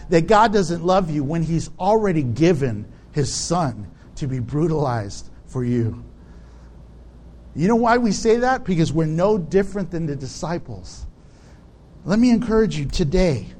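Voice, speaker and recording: A male pastor preaching a conversational sermon and asking his listeners rhetorical questions. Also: high-pitched.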